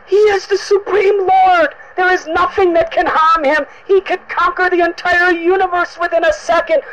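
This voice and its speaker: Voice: very high-pitched, steady tone, moderate pace, fairly bright tone, dull audio, voice pushed up. A storyteller voicing a loyal younger brother who speaks firmly and reassuringly. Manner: firm, reassuring, dutiful.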